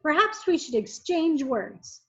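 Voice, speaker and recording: Figure: a shy older woman with a soft voice, done by a woman reading a storybook. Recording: muffled. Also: high-pitched, big pitch swings, measured pace, pitched above the performer's own voice, full character voice.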